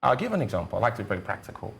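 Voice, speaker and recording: A man with a Nigerian accent, lecturing patiently on a studio panel. His voice sits low and gravelly. Faint noise hums behind him. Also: very animated, rapid-fire, a bit bright. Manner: explanatory, teacherly, gives examples. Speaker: guest educationist. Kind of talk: panel discussion.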